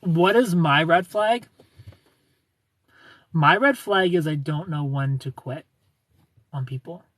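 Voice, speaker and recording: A man's voice: a little high, slow pace, long pauses, a bit bright, no room sound. A man hosting a livestream, chatting casually and playfully, greeting his viewers by name. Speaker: livestream host.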